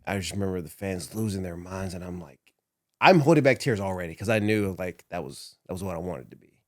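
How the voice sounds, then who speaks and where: In clean, echo-free studio audio, a former wrestler talks briskly in a low voice while reminiscing about his career. The interview is casual storytelling, full of laughter and emotional memories.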